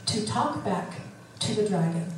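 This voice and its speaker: A middle-aged woman therapist giving an animated teaching talk, acting out the voices she quotes. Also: medium pitch, unhurried, distant mic, slight background noise. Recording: very echoey room, voice from off the mic.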